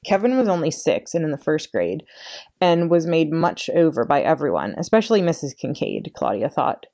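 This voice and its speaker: A woman librarian reading a children's chapter book aloud in an expressive storytelling way. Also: deep voice, normal speed. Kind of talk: read-aloud storytime narration.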